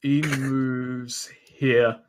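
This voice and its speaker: A man's voice: mid-range voice, level tone, drawn-out words. Man rambling as tabletop game master. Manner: loose, rambling narration.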